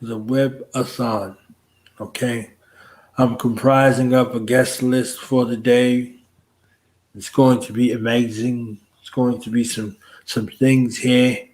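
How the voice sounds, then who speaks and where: A man's voice: medium pitch, level tone, takes it slowly, darkish tone, rough recording. A man hosting a casual late-night livestream chat, joking around in a playful, laid-back way. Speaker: host.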